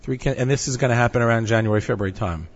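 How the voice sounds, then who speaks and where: A man in a mid-range voice leads the interview, talking conversationally and pausing on fillers. His voice sounds dull and carries a long echo. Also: mid-range voice. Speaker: interview host. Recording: echoey dull room audio.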